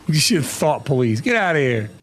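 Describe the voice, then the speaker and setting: A man's voice: fairly high pitch, big pitch swings, normal speed, a bit bright, a little hiss or hum. A young adult man streaming a game live, chatting casually and playfully protesting his innocence with frequent laughter. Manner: playful, mock-indignant protesting, laughing often.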